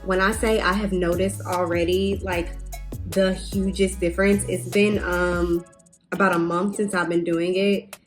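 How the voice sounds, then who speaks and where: A woman's voice: fairly low pitch, little pitch movement, unhurried, soft background music. Chatty young woman vlogger. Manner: chatty, rambling with fillers and asides. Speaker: beauty vlogger. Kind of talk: casual chat while doing her hair.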